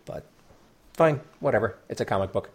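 A man co-hosting a podcast, chatting casually, opinionated and dry with deadpan asides, sometimes tripping over his words. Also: mid-range voice, a little fast. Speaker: podcast co-host. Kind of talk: casual chat.

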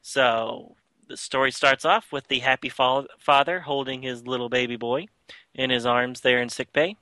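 A man's voice: mid-range voice, steady tone, moderate pace, sharp tone, no echo. A man hosting a podcast, casually retelling a comic book story with lots of filler words. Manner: chatty, loose retelling with frequent filler words. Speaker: podcast host.

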